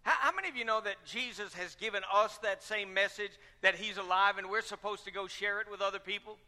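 A man's voice: high voice, brisk, pushed and bright. A man pastor preaching a sermon with fervent, repetitive rhetorical questions. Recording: long reverb of a large hall.

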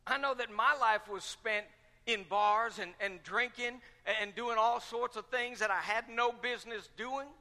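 A man's voice: very high-pitched, unhurried, pushed and bright. A man pastor preaching a sermon with fervent, repetitive rhetorical questions. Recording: long reverb of a large hall.

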